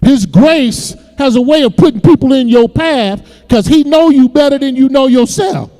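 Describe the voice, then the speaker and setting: A man's voice: very high-pitched, moderate pace, mellow, big-room sound. A man preaching, telling his own story with emotion and repeated words. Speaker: pastor. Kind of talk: sermon testimony. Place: church sanctuary.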